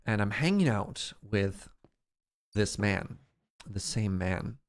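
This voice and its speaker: A man streaming a game, chatting casually and telling stories in an animated way to his chat. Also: fairly low pitch, slow. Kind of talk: casual storytelling while playing.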